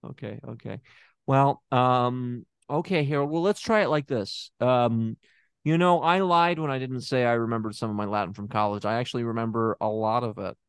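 A man's voice: mid-range voice, normal speed, clean tone, no room sound, close to an everyday voice. A man playing a bumbling fake therapist in an improvised scene, hesitant and stammering while confidently explaining nonsense. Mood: deadpan.

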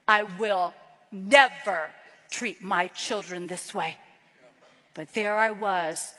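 A woman giving an emotional sermon testimony, telling her story slowly and dramatically with hushed drops. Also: mid-range voice. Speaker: preacher. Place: large hall, played from an archived clip. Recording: reverberant hall sound.

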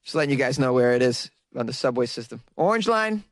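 A man's voice: mid-range voice, expressive, fast talker, no room sound. A man from Boston hosting a comedy news segment, teasing and sarcastic and laughing often. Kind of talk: mocking comic commentary on weird news.

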